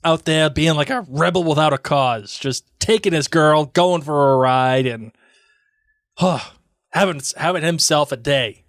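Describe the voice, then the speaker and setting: A man co-hosting a podcast in casual chat, playful and full of quick agreeing asides. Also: on the high side, a bit bright, dry recording, studio quality. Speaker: podcast co-host.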